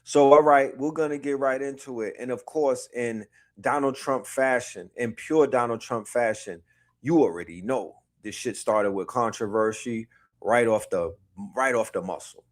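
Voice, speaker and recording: A man's voice: medium pitch, moderate pace. A man co-hosting a streamed talk show, chatting casually with slang and jokes. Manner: laid-back, joking, slangy. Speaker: podcast co-host. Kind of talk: casual chat.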